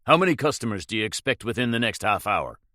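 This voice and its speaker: A man's voice: lowish voice, sing-song, quick pace, bright, forceful tone, dry recording, studio quality. A man voicing a bold masked outlaw hero who gives firm, urgent orders in a raised voice.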